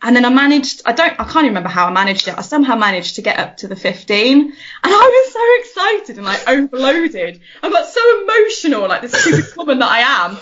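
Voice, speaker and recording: A woman's voice: a little high, sing-song, fast, fairly bright tone. A woman, a podcast guest chatting casually, laughing often and restarting her sentences. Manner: giggly, stammering restarts. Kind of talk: casual chat. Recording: dull lo-fi audio.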